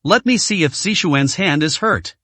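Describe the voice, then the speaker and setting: A haughty rich woman, contemptuous and showy, as a male storyteller puts her on in a lively, slightly high reading voice. The sound is dry and close. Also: normal speed, no echo. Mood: scornful. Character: arrogant rich woman, spoiled son's mother.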